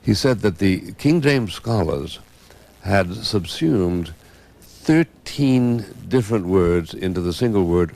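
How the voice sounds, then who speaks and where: A man in a panel discussion on language who speaks in a measured, erudite way with frequent hesitations. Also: deep voice, vocal fry, darkish tone. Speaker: panel guest.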